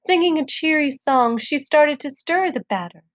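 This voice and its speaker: Expressive woman reading a children's story. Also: high-pitched, normal speed, dry recording. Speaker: teacher reading aloud. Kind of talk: children's storybook read-aloud.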